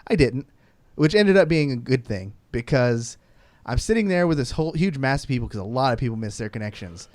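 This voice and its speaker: A man co-hosting a podcast, telling an animated, profane travel story with lots of "like"s and frequent laughs. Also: medium pitch, fairly quick, no room sound. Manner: animated, profane, rambling anecdote with many "like"s. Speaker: podcast co-host. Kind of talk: casual storytelling.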